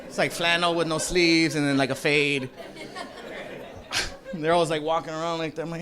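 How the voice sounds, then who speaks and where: A man performing a live stand-up comedy set in a club, loose and profane, rambling with lots of fillers and shouting mock voices of angry people. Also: a little high, little pitch movement, moderate pace, pauses often, a crowd in the background. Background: audience laughter.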